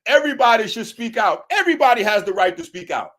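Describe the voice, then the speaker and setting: A man's voice: sits high, lively intonation, quick pace, fairly bright tone. A man hosting a show, giving a mocking, preachy commentary on a clip he has just played. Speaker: show host.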